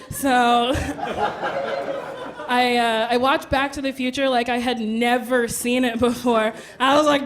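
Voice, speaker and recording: High-voiced woman doing stand-up. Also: steady tone, unhurried, background noise. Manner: brash, laughing storytelling, acts out voices. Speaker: stand-up comedian. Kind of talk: stand-up comedy set. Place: comedy club stage before a live audience. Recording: live show with loud crowd laughter.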